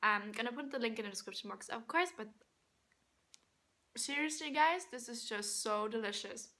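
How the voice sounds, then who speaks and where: Bright, giggly young woman vlogging. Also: on the high side, moderate pace. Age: young adult. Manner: giggly, chatty, laughs often between sentences; talks while eating. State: underslept and tired. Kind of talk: casual vlog chat.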